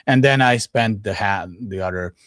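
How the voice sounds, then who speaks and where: A man with a Serbian accent, a native Serbian speaker hosting a casual podcast conversation and pausing often as he searches for words. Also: lowish voice, a bit bright, no room sound, clean studio sound. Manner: halting, frequent pauses and restarts.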